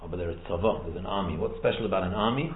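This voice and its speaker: A man giving a lively Torah lecture in English mixed with Hebrew and Yiddish terms, firing rhetorical questions and repeating phrases. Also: low voice, rapid-fire, a little hiss or hum. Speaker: rabbi teaching Torah. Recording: echoey room over a tinny phone-like line.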